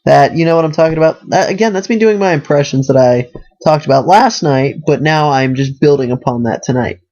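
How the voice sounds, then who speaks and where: A man's voice: a little high, a little fast, a little mellow, dull audio. A college-age man hosting a podcast, rambling casually and filling his talk with "you know" and "like". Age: young adult. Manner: rambling, self-deprecating, fills with "you know" and "like". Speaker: podcast host. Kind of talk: casual monologue.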